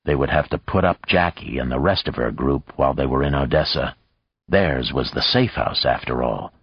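A man narrating an audiobook in a measured, even storytelling manner. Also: a bass voice, husky, dry recording, muffled recording. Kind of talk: scripted narration.

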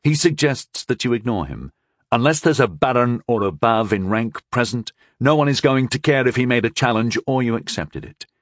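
A man's voice: mid-range voice, lively intonation, moderate pace, dry recording, studio quality, natural voice. A man voicing a blunt, eager young male squire with a crude, scheming manner. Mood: urgent.

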